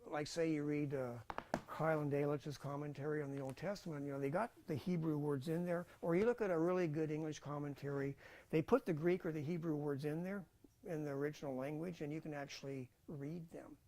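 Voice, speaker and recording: A man's voice: on the high side, steady tone, fairly quick, warm tone. A man teaching a Bible college class in a casual lecture style, thinking aloud with fillers and restarts.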